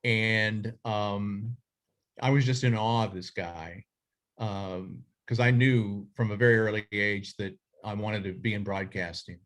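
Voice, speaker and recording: Rambling middle-aged man, low voice. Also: steady tone, measured pace, a bit bright. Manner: rambling, many fillers and restarts. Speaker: journalism association director. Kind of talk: casual reflective talk.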